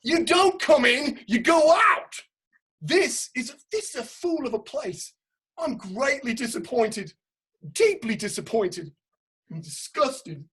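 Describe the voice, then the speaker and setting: A woman's voice: high-pitched, sing-song, measured pace, few pauses. A woman playing a pompous, blustering male aristocrat official with a put-on upper-class English accent, in a comic stage reading. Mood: disgusted. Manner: indignant, self-important, prone to outbursts. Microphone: home setup, remote quarantine recording.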